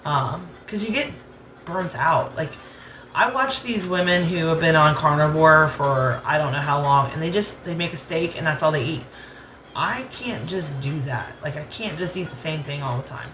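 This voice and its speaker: A woman's voice: deep voice, lively intonation, moderate pace, a bit bright, echoey room, slight background noise. An American woman with a rural Southern accent, chatting casually and rambling as she cooks in her home kitchen, laughing easily. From United States. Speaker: cooking channel host.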